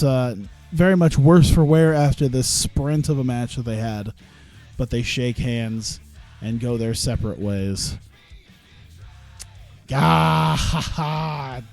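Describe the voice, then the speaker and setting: Faint music sits in the background while a young man plays a wrestling management game on stream, his casual commentary rambling, profane, and full of laughter. His voice is mid-range and slightly mellow, and he talks slowly.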